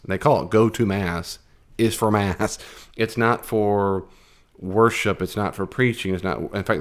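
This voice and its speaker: A man teaching a Bible class in a conversational, animated way, with fillers and restarts. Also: on the low side.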